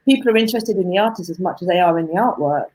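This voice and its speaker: A woman guest on a casual video-call interview, an author and artist coach who talks thoughtfully and pauses to find her words. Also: on the low side, animated, a little mellow, husky, low-quality recording. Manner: thoughtful, searches for words, restarts.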